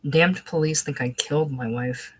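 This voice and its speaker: Fields: woman doing a gruff hard-drinking older widower. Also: sits low, moderate pace, low-quality recording. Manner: gruff, muttering.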